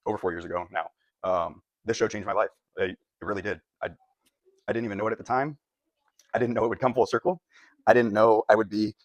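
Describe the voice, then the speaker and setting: A young man talks straight to camera in a reflective bodybuilding vlog, quick and earnest, often catching and correcting his own words. His voice sits a little low, and the sound is dry and close with no room echo. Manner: earnest, often correcting himself mid-sentence. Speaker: competitive bodybuilder and vlogger.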